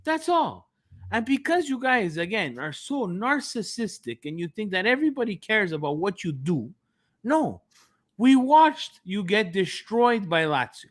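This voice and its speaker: A man co-hosting a football podcast, talking in an animated, sarcastic, ranting way. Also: high voice, a little slow. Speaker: podcast co-host. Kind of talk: casual podcast chat.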